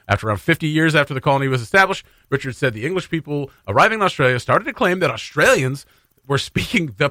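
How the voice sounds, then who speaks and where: Bright and forceful at a medium pitch, this man's voice comes through without any echo. Hosting a morning show in a radio studio, he chats casually, jokes at his own expense, and laughs a lot between loose asides.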